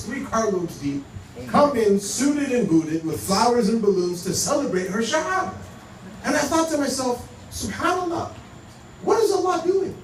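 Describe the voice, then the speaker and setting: A man giving a conversational talk to a community audience, telling stories and acting out dialogue. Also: high-pitched. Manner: conversational, acts out dialogue in quoted exchanges. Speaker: Muslim speaker. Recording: roomy hall, mic at a distance, faint hum.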